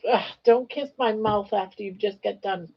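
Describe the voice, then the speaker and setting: An older woman hosts a live crochet stream, casually chatting fondly with her pet and greeting viewers. Her mid-range voice is slightly rough and moves at normal speed, captured in dull lo-fi stream audio.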